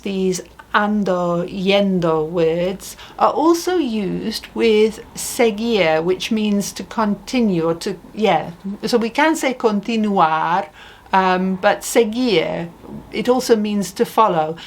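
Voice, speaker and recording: A woman giving a spoken language lesson at an unhurried, deliberate pace. She talks patiently in a mid-range voice, posing questions and modeling each phrase for the listener. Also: medium pitch. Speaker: Spanish teacher.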